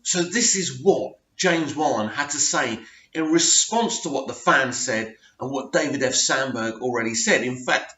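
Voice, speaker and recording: A man's voice: medium pitch, pushed and bright. A man hosting a fan news show, giving opinionated commentary and reading posts aloud. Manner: opinionated, emphatic, reads tweets aloud. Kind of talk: casual commentary to camera. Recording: echoey room, slightly dull sound.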